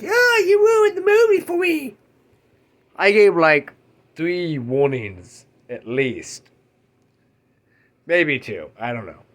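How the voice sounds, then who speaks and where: A man talking about a movie he loves in a casual, excitable rant, swearing freely and laughing as he talks. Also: medium pitch. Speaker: movie reviewer.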